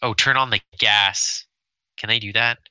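A man co-hosting a casual chat, rambling and stumbling over his words when he gets excited. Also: on the low side, unhurried, smooth, dry recording, poor audio. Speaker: podcast co-host.

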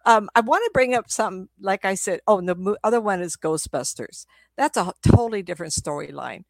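A woman's voice: medium pitch, animated, quick pace, vocal fry, no room sound. A middle-aged woman, a psychic medium, telling stories in a casual, rambling way, often laughing. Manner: rambling, laughs often, acts out quoted voices. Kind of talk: casual storytelling talk.

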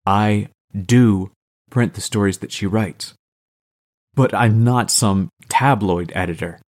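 A man's voice: on the low side, slow pace, darkish tone. A man reading the lines of a sarcastic, cocky male publisher in an audiobook. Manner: sarcastic, mocking.

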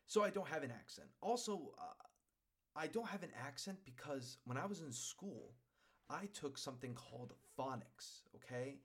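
A man's voice: fairly high pitch, expressive, normal speed, fairly bright tone, husky. A man from Western Massachusetts hosting his own podcast, rambling and worked up, tagging his points with "okay?". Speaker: podcast host. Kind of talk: casual solo podcast chat.

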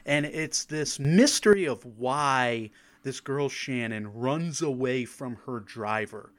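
A man's voice: mid-range voice, slow pace. Male podcast co-host, average voice, loose and self-mocking, easy laughter. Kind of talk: casual podcast chat.

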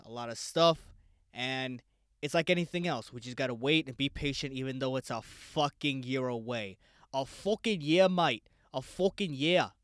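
A young man from the United States hosting a casual solo podcast, excitable, swearing freely and talking straight to his listeners. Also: medium pitch, clear, resonant tone, no echo, studio quality. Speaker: podcast host.

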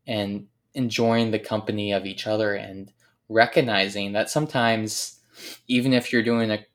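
A man telling a heartfelt personal story about a late teammate, earnest and reflective, often pausing and searching for words. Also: fairly low pitch, a bit bright. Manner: earnest, reflective, halting with frequent pauses. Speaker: speaker remembering a late teammate.

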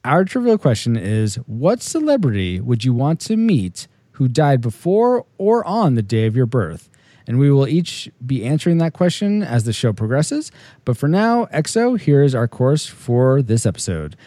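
Male podcast host; playful, jokey, mellow, dry close mic. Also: medium pitch, very animated, moderate pace, no echo. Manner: playful, jokey, reads segment intros. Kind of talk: casual chat with scripted segments.

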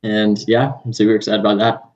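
A man's voice: fairly low pitch, little pitch movement, brisk, darkish tone, highs cut off. A man in his twenties with a Southern California accent, talking as a guest in an easygoing way. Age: 20s. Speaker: podcast guest. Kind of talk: casual interview.

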